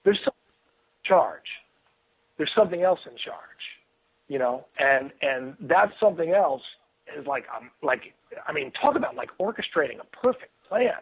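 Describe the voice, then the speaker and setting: A man telling a long story as a radio guest over the phone, excitable and rambling, with many restarts and fillers. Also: fairly high pitch, normal speed, vocal fry, husky. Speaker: guest author. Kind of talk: casual storytelling on a call-in radio show. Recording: tinny phone line.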